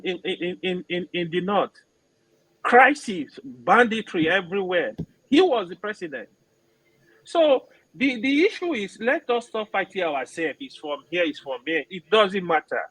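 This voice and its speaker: A man's voice: high-pitched, a bit bright, husky, no room sound, low-quality recording. A man making an earnest plea in a group discussion, often restarting his words. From Nigeria. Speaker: discussion participant.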